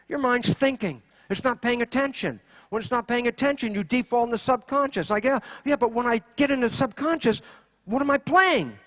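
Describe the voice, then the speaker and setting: A man giving a keynote lecture, animated, asking rhetorical questions and acting out quoted voices. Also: very high-pitched, a little fast. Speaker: conference speaker.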